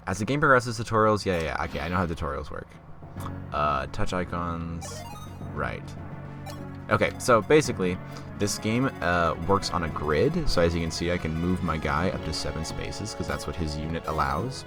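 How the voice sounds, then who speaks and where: A man's voice: sits low, lively intonation, moderate pace. A young man in his late teens chatting through a game and reading its text aloud, joking about himself and laughing often. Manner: giggly, self-deprecating. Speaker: let's play host. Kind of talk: casual gameplay commentary. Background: game music.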